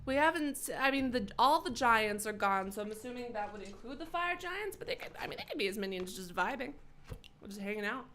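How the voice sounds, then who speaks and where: A woman streamer giving live gameplay commentary, excitable and swearing freely as she reacts loudly. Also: a little high, a little fast, a little hiss or hum. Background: game music.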